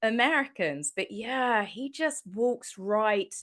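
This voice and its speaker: A woman's voice: fairly high pitch, expressive, slow pace, a bit bright. A woman giving opinion commentary as a guest on a talk show, in a scornful, sarcastic and emphatic way.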